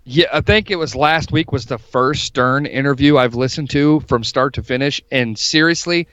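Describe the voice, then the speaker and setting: A man's voice: medium pitch, normal speed, fairly bright tone, clear, resonant tone, no echo. Blunt profane man, dull lo-fi mic. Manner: blunt, profane, matter-of-fact. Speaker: podcast co-host. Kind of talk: crude casual chat.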